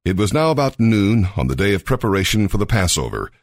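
A man with a very low voice reading scripture aloud in a steady, expressive way. His pitch rises and falls freely, and the sound is dry and close to the mic. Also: quick pace, no room sound. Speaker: scripture reader.

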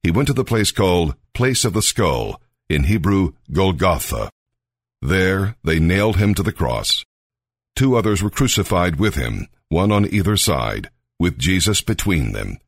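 Deep-voiced man reading scripture. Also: sing-song, a little slow, no echo, studio quality. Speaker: scripture reader.

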